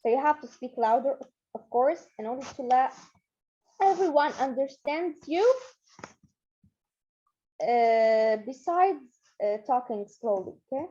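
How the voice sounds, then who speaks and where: High, mellow-toned woman coaching. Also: animated, unhurried, long pauses, lo-fi sound. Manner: encouraging, repeats herself with fillers. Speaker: Model UN trainer. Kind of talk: online training lesson.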